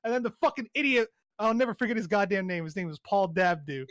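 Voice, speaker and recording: A young man co-hosting a casual chat, telling profane, animated stories full of quoted voices. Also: high-pitched, quick pace, no room sound, clean studio sound. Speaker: podcast co-host.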